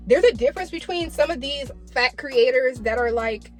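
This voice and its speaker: A woman talks straight to camera in a casual commentary vlog, her fairly high voice carrying a blunt, exasperated tough-love tone. She swears freely as she lectures. Faint music plays underneath. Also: normal speed. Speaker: commentary vlogger.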